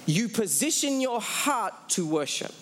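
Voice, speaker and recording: A man preaching with a high, ringing voice, stretching out the key lines for emphasis. He asks his listeners questions and answers them himself. A faint hum of room noise sits under his voice. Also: very animated, measured pace, fairly bright tone. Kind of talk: sermon.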